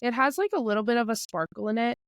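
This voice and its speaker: Fast, lively young woman chatting. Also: on the high side, smooth, no room sound, studio quality. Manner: animated storyteller, rambling with lots of "like". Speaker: makeup creator guest. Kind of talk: casual chat.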